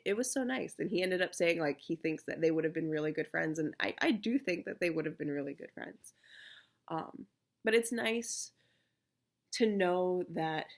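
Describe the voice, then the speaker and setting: A woman in her thirties talking candidly and softly to the camera, with many fillers and pauses. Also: low-pitched, creaky. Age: 30s. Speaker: vlogger. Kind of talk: casual personal talk to camera.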